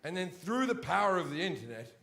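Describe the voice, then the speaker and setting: Profane stand-up comic, high voice. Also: male voice, very animated, a little fast, gravelly, background noise. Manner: crude, profane ranting with rising shouts. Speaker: stand-up comedian. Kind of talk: stand-up comedy. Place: theater stage before a live audience.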